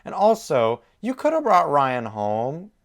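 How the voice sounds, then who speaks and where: A man hosting a reaction video, talking excitedly back at the characters on screen. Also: fairly high pitch, slow. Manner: animated, exclaims and talks to the characters.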